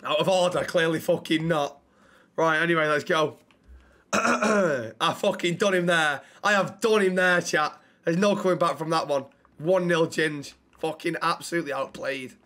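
A man streaming a role-play game, brash and quick to trade profane insults. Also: a little high, fairly bright tone.

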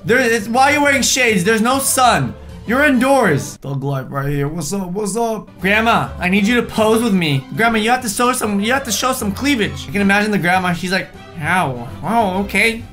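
A man's voice: sits high, expressive, a little fast, fairly bright tone, faint music behind. A young man hosting a reaction video, chatting casually and joking, now and then putting on mocking voices for the people in the photos.

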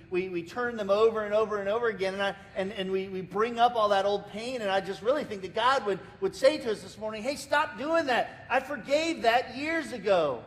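An American man preaching a sermon as pastor, telling a story with lots of repeated words and restarts. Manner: lively storytelling, acting out the people in it. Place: church sanctuary. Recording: reverberant church hall, faint rumble.

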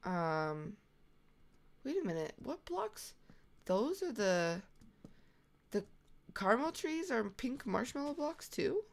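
A young woman hosting a casual co-op game session, excitable and quick to panic. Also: a little high, gravelly. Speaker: gaming channel host. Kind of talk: casual co-op gameplay chat.

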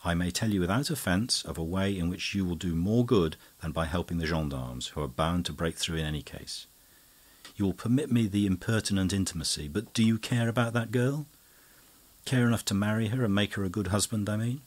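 A man voicing an elderly priest, calm, shrewd and gently persuasive, in a storybook reading. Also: deep voice, a little fast. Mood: earnest.

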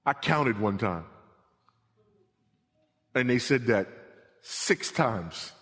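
A man's voice: expressive, extremely slow. Preaching man in a reverberant church hall. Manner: emphatic preaching, swinging from loud repetition to hushed low delivery. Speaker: pastor. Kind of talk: sermon. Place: church sanctuary.

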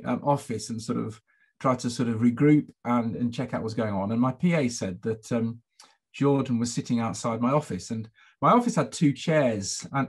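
A man's voice: mid-range voice, husky. A middle-aged man, a former head teacher, telling a story at a conference in a reflective, hesitant way, full of fillers and repeated words. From England.

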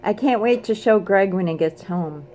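A woman opening a gift box in a casual unboxing vlog, gushing and excitable, squealing and screaming with delight between quieter asides. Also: medium pitch, moderate pace, muffled recording. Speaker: craft vlogger.

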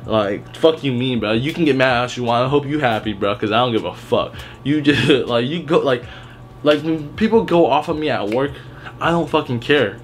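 A young man at an average pitch vents about retail customers in a loose storytime vlog. He swears constantly, restarts his sentences and never softens anything. Faint music plays softly behind him. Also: normal speed. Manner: blunt, heavily profane, rambling with restarts. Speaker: retail worker telling stories.

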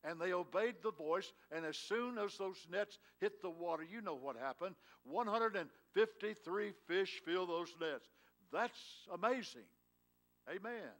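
Church pastor guy preaching, kinda high voice, folksy storyteller, gets louder on the big points. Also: animated, measured pace. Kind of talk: sermon. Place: church sanctuary.

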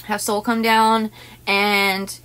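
Woman host, hypnotist, casual vlog story, emotional, rambling, mid pitch. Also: little pitch movement, takes it slowly, fairly bright tone, clear, resonant tone. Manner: rambling, emotional, many restarts and asides.

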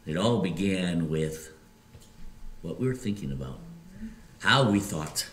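A Midwestern American man preaching a sermon as pastor, halting often with fillers and restarts. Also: lowish voice, animated, fairly bright tone. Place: church sanctuary. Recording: echoey church room.

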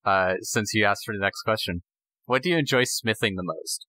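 A man's voice: lowish voice, moderate pace, bright, forceful tone, no room sound, low-quality recording. A man hosting a podcast, reading listener questions in an easygoing, giggly way. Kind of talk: casual chat.

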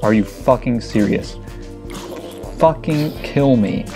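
A man's voice: mid-range voice, slow pace, over music. A young man giving frantic, swear-filled commentary while playing a video game. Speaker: let's play gamer. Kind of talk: casual gameplay commentary.

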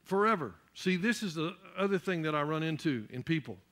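A man delivers a church sermon in a high, sharp, forceful voice. He builds steadily to loud, emphatic peaks and often repeats a word while reaching for the next. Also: animated, a little fast. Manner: repeats words while searching for the next one. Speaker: pastor.

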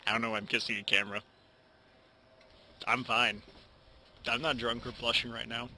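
Speaking at a normal speed with a flat delivery, the young channel host sounds bright and forceful at medium pitch, with slight background noise. He chats to camera from home, rambling, sometimes mumbling, and making many false starts and retakes.

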